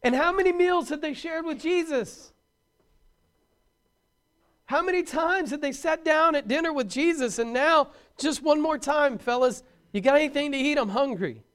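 Male preacher, very high voice, animated sermon delivery with humor. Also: normal speed.

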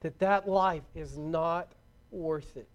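A middle-aged man preaching a sermon to young people, fervent and shouting out his exhortations. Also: on the high side, takes it slowly.

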